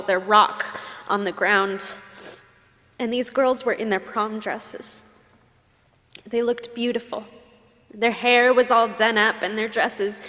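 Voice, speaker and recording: A woman's voice: a little high, a bit bright. A woman pastor giving a sermon, telling personal stories with emotion and asking reflective questions. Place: church sanctuary. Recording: long hall reverb.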